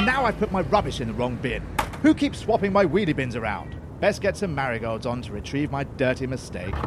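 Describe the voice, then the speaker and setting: A man's voice: a little high, very noisy. A man playing a prim, put-upon man who mutters to himself and turns sarcastic, in a comedy audio drama.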